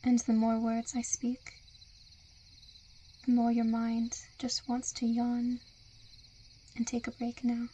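A woman in a whispered role-play, with a soft, soothing and coaxing hypnotic murmur. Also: on the high side, completely flat delivery, slow, long pauses, slight background noise. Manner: seductive, coaxing.

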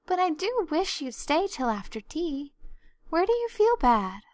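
A woman voicing an excitable, dramatic young orphan girl who pleads and wails in a breathless, tearful, melodramatic way. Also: very high-pitched, a little slow, no echo, voice pushed up, exaggerated voice. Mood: anxious pleading.

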